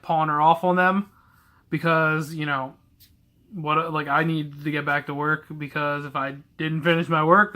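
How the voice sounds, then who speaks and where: Bright-voiced young man telling blunt stories. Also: fairly high pitch, clear, resonant tone. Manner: blunt, candid and rambling. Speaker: vlogger telling stories about a past retail job. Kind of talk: casual storytelling to camera.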